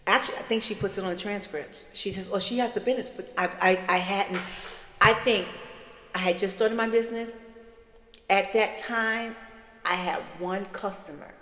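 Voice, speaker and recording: A woman's voice: mid-range voice, fairly even intonation, normal speed, pushed and bright. A woman telling her story in a casual vlog, rambling and chatty, speaking straight to her viewers. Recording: echoey room with long reverb.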